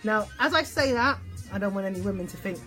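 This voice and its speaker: A woman relationship therapist giving an instructional talk, animated, checking in often with "okay?" and acting out example phrases. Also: mid-range voice, quick pace, soft background music. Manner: acts out example phrases in voices.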